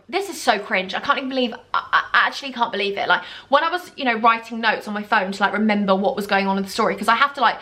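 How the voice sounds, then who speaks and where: A young woman telling a dramatic, gushing storytime, acting out quoted voices with big jumps in pitch. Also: pushed and bright. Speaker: YouTuber. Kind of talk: casual storytime chat.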